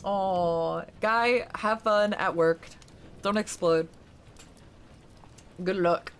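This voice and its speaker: Woman streaming, mid-pitched, gets worked up and disbelieving, swears a bit, faint hiss under it. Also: drawn-out words, pauses often. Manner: excitable, incredulous, swears casually. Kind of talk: live-stream reading and chat.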